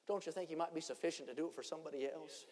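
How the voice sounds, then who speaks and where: A man preaching a revival sermon, swinging between shouted lines and hushed ones. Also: fairly high pitch, rapid-fire. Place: church conference hall. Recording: long church hall reverb.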